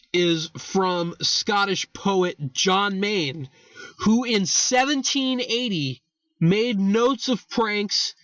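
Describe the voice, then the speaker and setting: A man's voice: high-pitched, a bit bright, dry recording, poor audio. A young man hosting a casual history talk, rambling, correcting himself and swearing for emphasis. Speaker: host.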